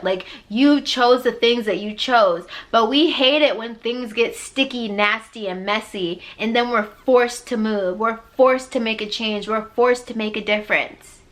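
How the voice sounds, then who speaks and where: A woman giving a motivational spiritual talk as a life coach, emphatic and repetitive with a chatty "like". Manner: emphatic and preachy, acting out God's voice with loud high swoops; repetitive, conversational, with frequent "like". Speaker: life coach and podcast host.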